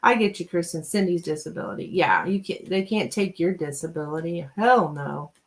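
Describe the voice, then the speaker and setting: A woman's voice: lowish voice, animated, normal speed, poor audio. A woman reading tarot on a live stream, chatting casually with viewers, laughing often and reading their names aloud. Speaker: tarot reader and livestream host.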